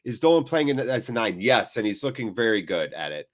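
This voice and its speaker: A man's voice: on the low side, very animated, a little fast. A sniffly man hosting a live match watchalong, giving chatty play-by-play. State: sniffly from blocked sinuses. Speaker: host.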